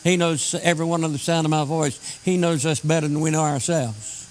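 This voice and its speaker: A man delivers a sermon in an emphatic preaching style, stretching out key words. His voice sits a little high for a man. A faint background hiss runs under the recording. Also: steady tone, poor audio. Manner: emphatic, slows down to stress scripture.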